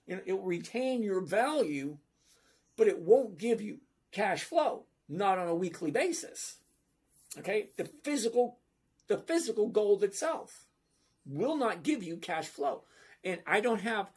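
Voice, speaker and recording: A man hosting a casual livestream, talking slowly and emphatically and often checking in with "okay?". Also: sits high, husky. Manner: slow, emphatic, repeats "okay?" to check understanding. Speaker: livestream host answering viewer questions. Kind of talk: casual livestream chat about stocks.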